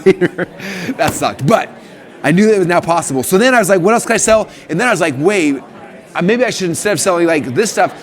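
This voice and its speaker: A man in his thirties hosting a live stream, telling his story in a casual, eager, excitable way. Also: on the high side. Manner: eager, excitable, talks in rapid bursts.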